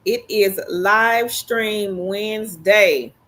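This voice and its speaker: Woman co-host, slow easy livestream chat, reads viewer comments. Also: mid-range voice, steady tone, a bit bright.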